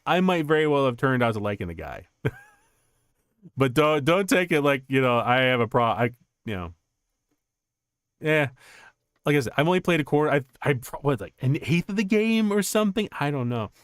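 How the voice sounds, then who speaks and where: A young man streaming casual chat, telling stories in an animated, rambling way with many restarts. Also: medium pitch, no echo.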